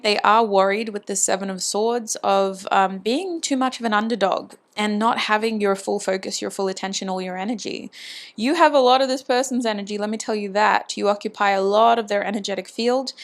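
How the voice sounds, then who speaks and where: A woman at a middle pitch gives a casual tarot reading straight to camera. She talks in a chatty, intimate way, thinking out loud and speaking fondly to her viewers. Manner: muses aloud, voices channeled messages. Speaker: tarot reader.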